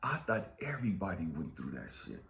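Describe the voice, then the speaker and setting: A middle-aged man giving an impassioned motivational monologue. He is blunt and profane, repeats lines for emphasis, and swings between low murmurs and fired-up outbursts. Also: wildly swooping pitch, a little fast, gravelly, fairly bright tone, roomy sound, a little hiss or hum. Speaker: motivational speaker.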